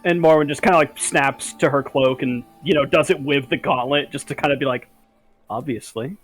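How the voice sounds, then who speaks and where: Man, tabletop player, halting casual narration, fairly high voice. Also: fairly even intonation, soft background music. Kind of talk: describing actions in a tabletop game.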